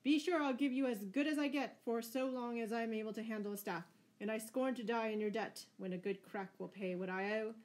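A huge, loyal stranger pledges himself with plain, earnest warmth, as a woman reads him. His voice sits a little raised and speaks forthrightly, promising steady devotion. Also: on the high side, fairly quick, close to an everyday voice. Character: tall, strong male stranger, earnest and loyal.

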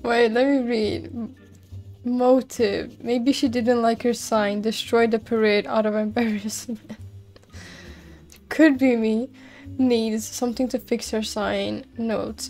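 A woman's voice: fairly high pitch, darkish tone. A young woman commenting casually while playing a game, giggly and self-mocking, swearing now and then. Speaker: gameplay streamer. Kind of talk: let's play commentary.

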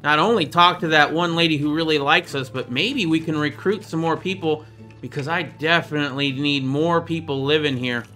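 A man with a high, bright, forceful voice gives casual gameplay commentary as the show's host. He is chatty and playful and pokes fun at himself. Faint music plays underneath him. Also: moderate pace. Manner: chatty, playful, jokes at his own expense. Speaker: gaming video host.

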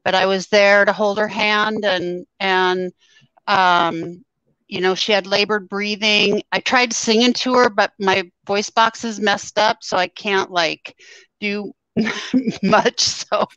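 A woman guest telling a personal story in a halting way, full of ums, her voice scratchy after surgery. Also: mid-range voice, fairly even intonation, a bit bright, dry recording. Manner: halting, with many ums and pauses. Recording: dull, lo-fi sound.

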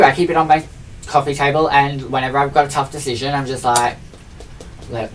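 A man's voice: medium pitch, flat delivery, a little fast, recorded from a distance, a little hiss or hum, poor audio. A man in his twenties ranting in a chatty vlog, rambling with constant fillers and mocking himself. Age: 20s. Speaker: vlogger.

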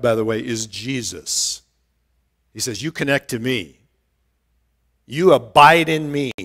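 A male pastor giving an earnest verse-by-verse Bible teaching, rising in pitch and volume to stress a point and often restarting his words. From United States. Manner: rises in pitch and volume for emphasis.

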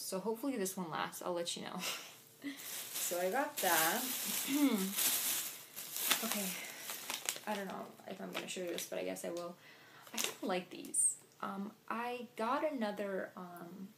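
Chatty woman with a gravelly edge. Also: medium pitch, a little hiss or hum. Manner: chatty, filler-heavy. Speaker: vlogger. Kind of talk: casual haul chat.

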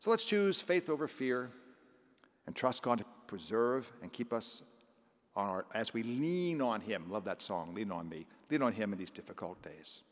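Older priest giving a sunday sermon, chatty, voice ringing around a big church. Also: male voice, lowish voice, big pitch swings, moderate pace. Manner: conversational preaching, acting out scripture voices. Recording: long church reverb.

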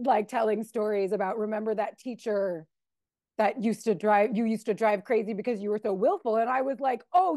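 Animated woman with a gravelly edge. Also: a little high, dry recording, clean studio sound. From Chicago area. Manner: candid, animated, emotional storytelling. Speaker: speaker at a recovery meeting. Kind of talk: personal share at a recovery meeting.

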